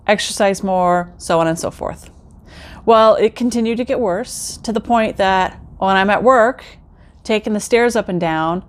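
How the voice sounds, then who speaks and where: A middle-aged woman telling her own story in a casual vlog, chatty and talking straight to her viewers. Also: medium pitch. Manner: chatty, addresses viewers directly, acts out quoted remarks.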